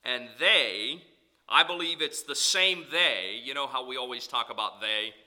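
A man preaching as a pastor, swinging between loud calls and soft, low asides. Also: unhurried. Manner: preaching with sweeping rises and drops in pitch and volume. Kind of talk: sermon.

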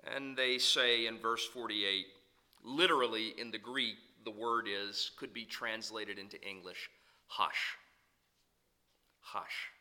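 A man preaching as a pastor, swinging between loud calls and soft, low asides. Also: fairly even intonation, unhurried. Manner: preaching with sweeping rises and drops in pitch and volume. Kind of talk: sermon.

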